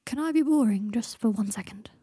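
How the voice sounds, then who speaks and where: A woman's voice: on the high side, expressive, brisk, dark tone, husky, no room sound, clean studio sound. A woman voicing a sardonic, dramatic young wizard who is dying. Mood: tender.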